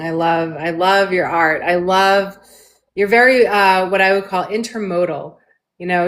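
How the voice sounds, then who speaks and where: A woman in her thirties, an animated and excitable storyteller, co-hosting a casual spiritual conversation. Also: on the low side, slight background noise. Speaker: co-host.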